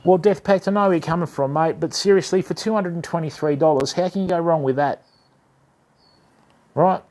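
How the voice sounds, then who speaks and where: This fishing livestream host has a fairly high, slightly mellow voice and speaks fairly quickly. Chatting casually with his audience, he calls them mate and fam.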